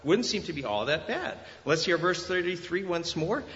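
A man delivering a sermon with emphatic, swelling stresses on scripture passages. His fairly high voice rings through a long hall reverb in a church sanctuary, and the recording sounds dull and slightly muffled. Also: very animated, moderate pace, a bit bright, slight background noise. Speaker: preacher. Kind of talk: expository sermon.

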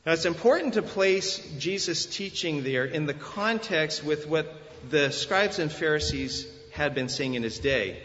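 A man's voice: a little high, expressive, measured pace, hardly any pauses, fairly bright tone. Emphatic man preaching in a reverberant hall. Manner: emphatic, rising and falling to stress scripture. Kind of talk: expository sermon. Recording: dull sound with long hall reverb.

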